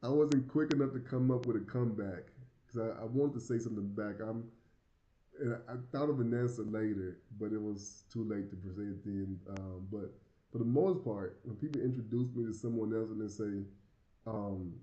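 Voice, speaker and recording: With a Southern accent and a lisp, this American vlogger from the United States who lives abroad chats casually to camera, rambling loosely and tripping over repeated words. His lowish voice is very dark and mellow, at a normal speed. The sound is roomy and a little muffled, like a home setup with echo.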